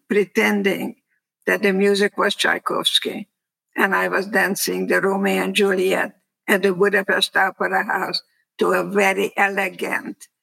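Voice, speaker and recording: An older woman from Hungary tells her story slowly, pausing between plain, reflective phrases. Her voice has a gravelly, fried edge, and her pitch stays fairly flat. She speaks as a guest in an interview. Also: rough recording. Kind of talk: personal testimony.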